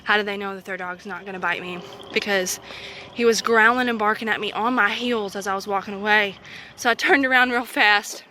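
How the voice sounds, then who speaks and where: A woman's voice: medium pitch, fairly even intonation, a little fast. A young mother, talking casually in a rambling vlog with many fillers while out on a walk, a little out of breath. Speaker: vlogger, mother. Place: outdoors on a road, walking with a stroller. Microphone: handheld phone camera. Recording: loud outdoor noise, traffic.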